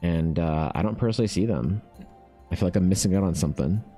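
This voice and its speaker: Man, very low voice, casual rambling chat, swears, faint music behind. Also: quick pace. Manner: swearing, animated, rants. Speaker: artist streamer.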